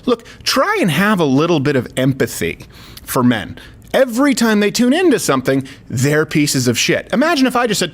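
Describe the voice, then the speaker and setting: Male host, sarcastic, lively swooping pitch, slightly high voice. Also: moderate pace. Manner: animated, sarcastic, mock voices. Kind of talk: comedic political talk show.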